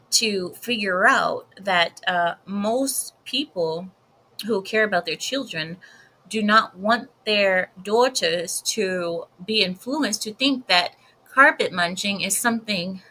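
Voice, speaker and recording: Slow, blunt woman commentator. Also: medium pitch, pushed and bright, slight background noise, rough recording. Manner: blunt, emphatic, repeats herself for effect. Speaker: video commentator. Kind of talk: casual commentary vlog.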